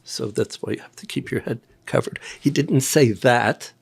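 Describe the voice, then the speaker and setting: An older man from Tennessee, a podcast guest, telling personal stories in a rambling, halting way with quiet asides. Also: mid-range voice, creaky, husky. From Nashville, Tennessee. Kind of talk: personal storytelling in an interview.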